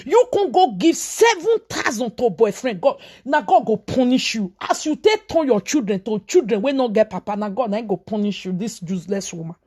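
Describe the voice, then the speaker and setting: A woman with a Nigerian Pidgin accent, vlogging in dramatic storytelling commentary. Her voice sits fairly high and swings widely, and she scolds hard, shouting one moment and dropping low the next. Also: expressive, brisk, hardly any pauses. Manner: scolding, dramatic, shouts and switches between loud and hushed.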